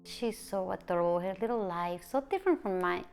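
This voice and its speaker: Her voice is mid-range, animated, gravelly and a little mellow as this emotional woman from Mexico City is interviewed about personal matters. Soft music plays behind her halting retelling, which she restarts many times.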